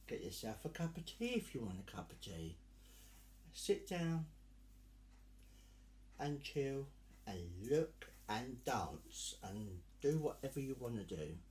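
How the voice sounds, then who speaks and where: A man's voice: medium pitch, darkish tone, echoey room. Camp, theatrical drag performer, man. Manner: camp, theatrical, calls listeners dear and darling. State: sweltering in costume. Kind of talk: live virtual Pride stage address.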